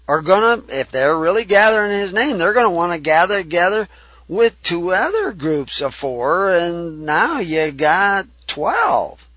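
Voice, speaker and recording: A man's voice: a little high, pushed and bright, breathy edge, dry recording. A man from Texas with a Southern accent, preaching a sermon in a folksy, emphatic way.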